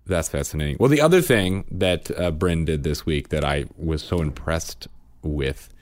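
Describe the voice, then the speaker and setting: A man co-hosting a casual chat, telling rambling, animated stories about his kids with frequent restarts. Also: extremely low pitch, moderate pace.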